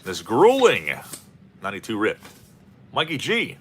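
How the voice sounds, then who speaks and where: A man's voice: lowish voice, wildly swooping pitch, unhurried, a little hiss or hum. A man hosting a card-opening video, rambling and joking as he calls out player names. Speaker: host of a card-opening channel. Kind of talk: casual commentary while opening packs.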